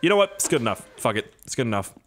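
A man's voice: mid-range voice, very animated, very fast. A man giving casual, profane and rambling commentary while playing a driving game. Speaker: gaming YouTuber. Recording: loud game engine noise behind. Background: vehicle engine sounds from the game.

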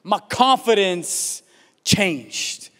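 A man's voice: sits high, animated, drawn-out words, a bit bright, in a large hall. An American man preaching a sermon as pastor, telling a story and building to impassioned pleas. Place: church auditorium.

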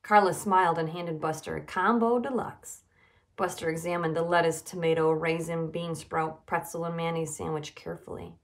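A woman nutrition educator reading a children's storybook aloud, expressive and emphatic. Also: lowish voice, normal speed.

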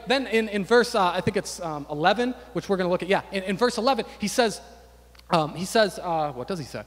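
A man's voice: sits high, lively intonation, fairly quick, big-room sound. A man preaching a sermon to his church, emphatic and repetitive, building to fervent declarations. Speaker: pastor.

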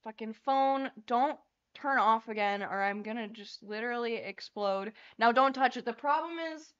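A woman's voice: fairly high pitch, moderate pace, a bit bright, clean tone. Flustered young woman livestreaming, lo-fi. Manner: flustered, laughing, swearing at tech trouble. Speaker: livestream host. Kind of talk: casual livestream chat. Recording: lo-fi stream audio.

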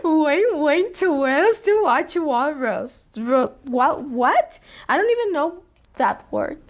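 High-voiced Mexican woman stumbling through twisters. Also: sing-song, slow pace. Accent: Mexican Spanish. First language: Spanish. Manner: stumbling, self-correcting, giggly. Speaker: vlogger. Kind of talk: casual tongue-twister attempts.

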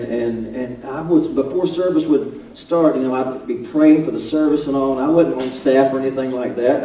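A man preaching a sermon as pastor, swinging between loud exclamations and hushed storytelling. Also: a little high. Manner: animated, rising to shouts then dropping to hushed storytelling. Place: church sanctuary. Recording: roomy church sound from a distance.

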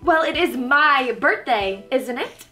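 A woman's voice: sits high, animated, slow pace, pushed and bright, soft background music, exaggerated voice. Woman doing a snide villainess in disguise. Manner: snide, bossy, sugary when covering up. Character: scheming evil fairy woman disguised as a young queen. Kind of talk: comedy sketch acting.

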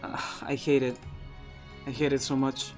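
Soft background music accompanies a male Twitch streamer with a mid-range voice that moves little in pitch. He speaks unhurriedly into his own streaming microphone, rambling loosely about the game he is playing live and restarting sentences often.

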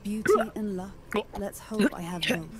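A woman's voice: medium pitch, steady tone, normal speed, a crowd in the background, natural voice. An actress voicing a sly, confident female fox gambler in a game, coy and teasing.

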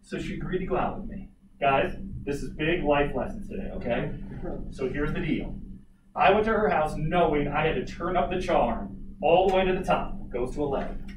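Brief: lively male teacher lecturing a class, slightly high voice, heard from across an echoey room. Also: moderate pace. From Colorado. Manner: animated, jokey asides to students. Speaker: history teacher. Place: classroom, recorded from afar. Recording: echoey room, distant mic, noisy.

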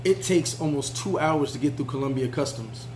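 A man recounting a trip in a loose, chatty way, his voice sitting a little higher than most men's. He stops and restarts often and leans on fillers. A faint hum runs behind him. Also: moderate pace, darkish tone, low-quality recording. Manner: laid-back, chatty, frequent fillers and restarts. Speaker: travel vlogger. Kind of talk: casual storytelling.

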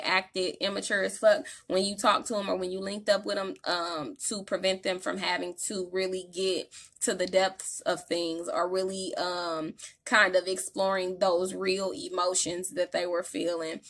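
A woman's voice: mid-range voice, sharp tone. A woman giving a casual tarot reading, talking in an emphatic, slangy, profane way. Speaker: tarot reader.

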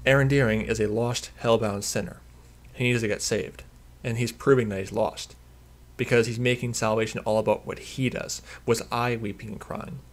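A man's voice: lowish voice, fairly even intonation, normal speed. A man delivering a preachy religious commentary monologue, emphatic and repetitive as he hammers home his points.

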